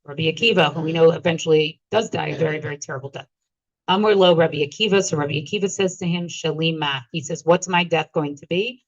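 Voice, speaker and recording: A woman's voice: low-pitched, fast talker, dry recording. Woman teaching a Talmud class, dull dry sound.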